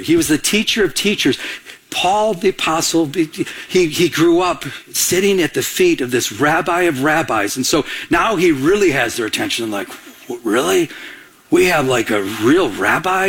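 High-voiced man preaching a sermon. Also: breathy edge. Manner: animated preaching with audience call-outs and acted-out quotes. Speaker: pastor.

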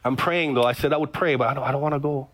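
A man's voice: medium pitch, very fast, a bit bright. A middle-aged man from Hawaii, a pastor preaching a sermon, telling stories from his own life and acting out his past prayers.

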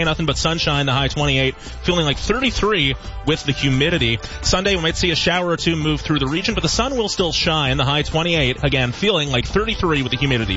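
Brisk male traffic reporter on radio. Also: a little high. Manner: brisk, steady report delivery. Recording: dull lo-fi radio broadcast.

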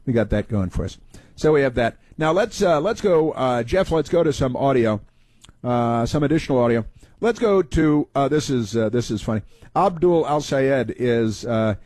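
Sarcastic husky male talk host. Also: mid-range voice, darkish tone, dry recording. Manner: sarcastic, mocking, rambling with many fillers. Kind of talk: opinionated political commentary.

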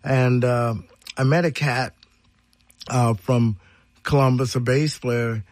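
A man's voice: mid-range voice, steady tone, takes it slowly, a little mellow, no room sound. An older man from Ohio, a guest musician chatting in a radio studio, rambling and telling stories with lots of fillers. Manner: rambling storyteller, many fillers, acts out voices. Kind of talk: casual radio interview chat.

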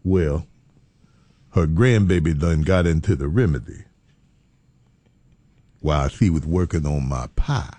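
Man, lively storyteller, husky, dry close sound. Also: a bass voice, measured pace, long pauses, no echo. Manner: animated, breaks into laughter, drawling Southern vernacular. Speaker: storyteller in a two-person chat. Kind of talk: casual comic storytelling.

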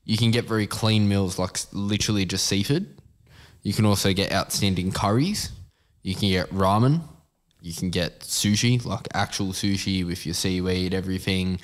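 A man talking casually as a radio co-host. His voice sits low, and he argues his points with emphatic, teasing confidence. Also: fairly even intonation, moderate pace. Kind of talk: casual chat.

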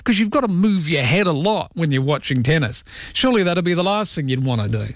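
An Australian man hosts late-night talkback radio, his voice sitting a little high for a man and sounding dry and close on a studio mic. He reads listener messages and cracks wry jokes in an easy, chatty way. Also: sing-song, fast, no room sound. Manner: wry, jokey, reads listener texts aloud. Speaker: radio host. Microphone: studio microphone.

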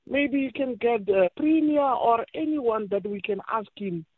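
A hesitant man from South Africa calls in to a radio show over a tinny phone line. His speech is halting and full of fillers, and the line sounds dry and close. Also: very high-pitched, lively intonation, no room sound. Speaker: caller, truck driver.

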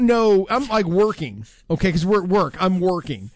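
A man hosting a radio show, telling a story in an animated, teasing way. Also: high voice, moderate pace, no echo, clean studio sound. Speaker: radio host. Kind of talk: morning radio banter. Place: radio studio.

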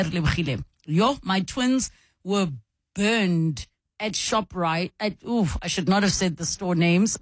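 Woman, radio call-in host, chatty and animated, dry studio sound. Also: fairly low pitch, dry recording. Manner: reads listener messages aloud, chatty and animated.

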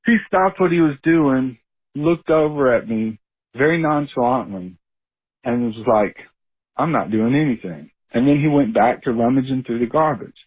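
A male caller tells his story with animated energy, his voice a bit husky. The sound is thin and narrow, like a phone line. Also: medium pitch, normal speed.

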